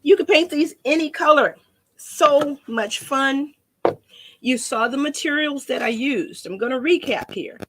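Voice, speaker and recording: A woman's voice: high-pitched, lively intonation, normal speed, few pauses, fairly bright tone. A woman demonstrating a painting craft in a chatty, rambling way, often repeating her words.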